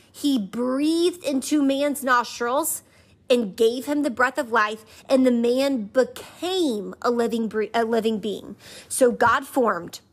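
A woman hosting a faith podcast, teaching conversationally and repeating key phrases in an emphatic rhythm while inviting listeners to say them back. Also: fairly high pitch. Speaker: podcast host.

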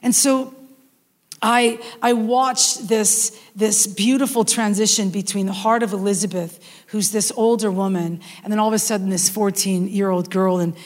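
A middle-aged woman preaching a sermon in an animated storytelling manner, with frequent restarts and asides. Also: mid-range voice, moderate pace. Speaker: worship leader preaching. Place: church hall. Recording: long hall reverb.

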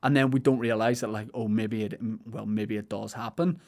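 A young man with a Northern Irish accent, co-hosting a podcast in rambling, jokey chat with deadpan asides. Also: fairly low pitch, moderate pace. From Northern Ireland. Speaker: podcast co-host.

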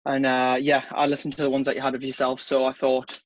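A man's voice: medium pitch, completely flat delivery, fast talker. A young man, a guest on a casual podcast over a video call, laid-back and rambling, often calling his host "mate". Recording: slightly dull video call audio.

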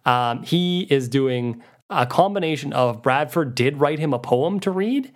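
Man, mid-pitched voice, podcast co-host, guitar nerd, upbeat. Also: lively intonation, measured pace. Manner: enthusiastic guitar nerd, easy laughs. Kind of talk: casual music discussion.

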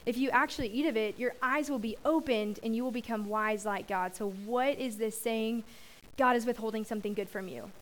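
Giving a youth sermon, this young speaker prays and reads scripture in a relaxed, talkative way, shrugging off her mistakes with a laugh. She speaks a little fast in a voice on the high side, and the audio is poor.

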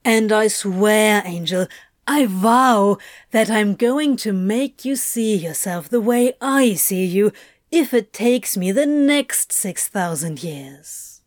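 A woman's voice: medium pitch, expressive, takes it slowly, dry recording, studio quality. Crowley, a sweary, insistent demon, read by a woman. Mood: earnest, vowing. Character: swearing, exasperated male demon, devoted lover. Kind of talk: audiobook fan fiction reading.

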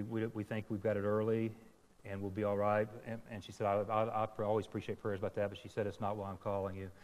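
Self-deprecating preacher in a reverberant hall. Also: male voice, lowish voice, darkish tone. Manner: self-deprecating storyteller, acting out dialogue. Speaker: pastor. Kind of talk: sermon storytelling.

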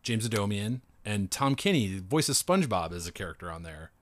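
A man in a casual conversation, a comedian and voice director telling animated stories and acting out quotes in a raised voice. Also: fairly low pitch, fairly quick, no room sound. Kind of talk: casual chat.

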